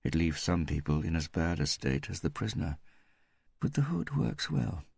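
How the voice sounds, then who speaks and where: A man voicing a cold, bored male interrogator in an audiobook, who speaks quietly, slowly and without interest. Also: deep voice, sing-song, vocal fry, husky, no echo, studio quality, full character voice. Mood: musing. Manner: quiet, slow, disinterested.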